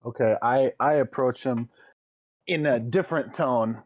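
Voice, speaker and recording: Mellow-voiced woman playing a tabletop game. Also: rumbling low, a little slow. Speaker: player. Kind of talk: casual tabletop play.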